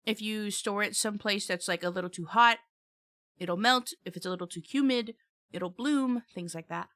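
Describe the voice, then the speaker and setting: Girl streamer just chatting, bright tense voice, laughs a lot, dry close mic. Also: mid-range voice, moderate pace, no room sound. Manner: chatty, laughs often, talks while eating. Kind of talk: casual live-stream chat.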